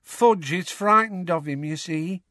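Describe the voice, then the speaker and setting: A young witch, earnest and a bit gloomy, speaking high and light, as a male narrator puts her on. Her lines rise and fall with feeling, and the reading is dry and close. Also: big pitch swings, moderate pace, dry recording, heavily acted. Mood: earnest, sad. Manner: raised pitch, soft and sorrowful.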